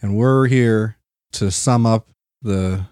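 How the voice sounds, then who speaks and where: Deadpan male podcast co-host. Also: fairly low pitch, slow, smooth, no room sound, studio quality. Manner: deadpan, offbeat jokes. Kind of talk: casual chat.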